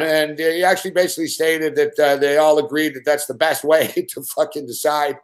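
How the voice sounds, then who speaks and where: A man's voice: on the high side, little pitch movement, moderate pace. A man hosting a show, telling a long profane story in an agitated, swearing rant. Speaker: show host.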